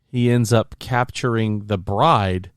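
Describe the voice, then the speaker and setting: Male podcast co-host, smooth and clear, animated storyteller acting out scenes. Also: on the low side, slow pace, no echo, studio quality. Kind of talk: casual chat.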